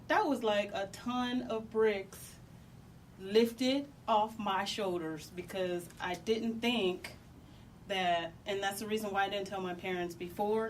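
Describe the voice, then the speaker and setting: Halting woman telling a personal story. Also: medium pitch. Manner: halting, emotional, many restarts and pauses. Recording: distant mic with faint background noise.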